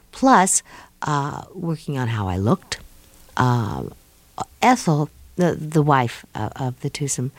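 A middle-aged woman from New York, a guest speaking thoughtfully in an interview and pausing often with fillers. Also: rumbling low, dry recording. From New York, USA. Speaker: guest, author of an autobiography. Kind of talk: reflective interview talk.

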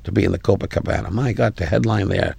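A gravelly, husky older man in his eighties with a New York accent, telling stories as a comedian guest. He delivers them in a brash way and gets loud at the punchlines. His low voice sounds dry and close. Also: fast talker, no room sound. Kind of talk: interview anecdotes.

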